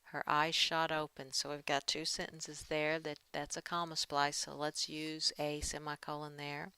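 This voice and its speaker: A woman's voice: low-pitched, level tone, a little slow, bright, forceful tone, clean tone, no echo. A woman giving a writing lesson, talking through edits as she works and reading draft passages aloud. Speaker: writing teacher. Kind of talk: screen-share editing lesson.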